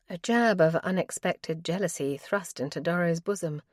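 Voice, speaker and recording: A woman narrating an audiobook in a measured, even reading style. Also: lowish voice, no echo, clean studio sound. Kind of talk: scripted narration.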